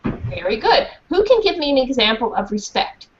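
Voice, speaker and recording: A kind teacher of a children's dog class asks her pupils questions and praises their answers, as a woman reads her lines aloud. Her voice sits fairly high, and she sounds patient and encouraging. The recording is muffled, with a faint hiss. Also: sing-song, normal speed.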